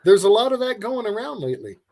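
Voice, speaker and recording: A man's voice: high-pitched, sing-song, quick pace, darkish tone. A man hosting a casual live stream chat, laid-back and laughing often, sounding tired. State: tired, yawning. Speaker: livestream host.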